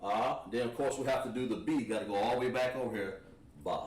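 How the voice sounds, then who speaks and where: Fast and at medium pitch, a man runs through an online language lesson at a whiteboard. He explains each step in a relaxed way while writing. Echo from the room and a faraway mic color the audio.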